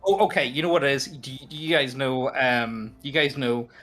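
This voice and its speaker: A man's voice: medium pitch, fairly quick, fairly bright tone. A man playing a tabletop game who tells rambling, joking stories full of fillers. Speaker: player. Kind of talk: casual tabletop role-play chat.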